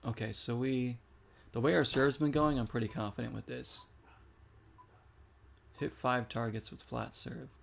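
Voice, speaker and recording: A man talking his way through a video game in a loose, chatty voice of middle pitch, reacting out loud as he plays. A faint hum of room ambience and keyboard clicks sits under his voice. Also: steady tone, measured pace, creaky, pauses often. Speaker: gaming streamer. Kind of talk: casual gameplay commentary.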